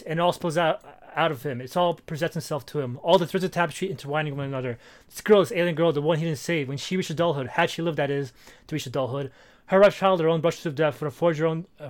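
A man co-hosting a casual comic book chat, animated and reading dialogue aloud with feeling. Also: a little high, fast. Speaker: podcast co-host.

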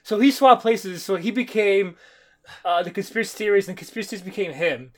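A man co-hosting a comic book podcast in casual chat, excitable, often restarting words and swearing offhandedly. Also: high-pitched, quick pace.

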